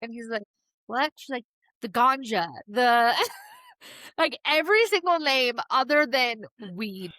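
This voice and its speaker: A woman's voice: on the high side, slow, no echo. A young woman co-hosting a podcast in casual chat, retelling scenes with acted-out quotes and frequent swearing. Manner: animated retelling, acts out quotes, swears freely. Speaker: podcast co-host.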